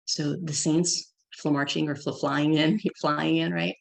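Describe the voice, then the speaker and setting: Gravelly-voiced woman telling a family story. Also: low voice, little pitch movement, unhurried, rough recording. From California. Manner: warm storytelling, acts out child's lines. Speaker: guest speaker. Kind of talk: personal testimony talk.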